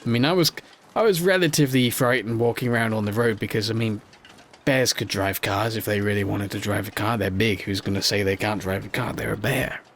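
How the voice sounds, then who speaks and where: A man's voice: lowish voice, fairly even intonation, a little fast, slight background noise. A man hosting a let's play, giving playful, self-mocking gameplay commentary. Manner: playful, self-mocking, jokes while playing.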